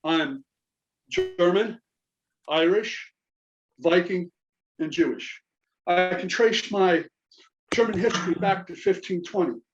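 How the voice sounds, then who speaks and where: A man's voice: high-pitched, takes it slowly, pauses often, muffled recording. A man in his forties from Kentucky with a Southern accent, a Navy veteran doing a stand-up comedy set with dry, self-mocking punchlines. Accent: Southern American.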